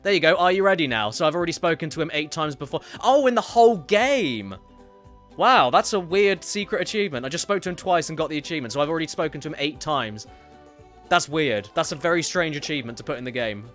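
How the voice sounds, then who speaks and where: A man chatting casually during a live game stream and reading viewer messages aloud with quick asides. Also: fairly high pitch, expressive, fairly bright tone. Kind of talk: casual live-stream chat while gaming. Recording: faint game music behind.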